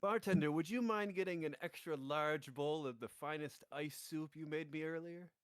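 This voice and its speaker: A man playing a prim, beaked water-creature gentleman, gushing with courtly politeness in a higher, lifted voice. The sound is dry and close, with no room behind it. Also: moderate pace, clean tone, no room sound, close to an everyday voice. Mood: genteel.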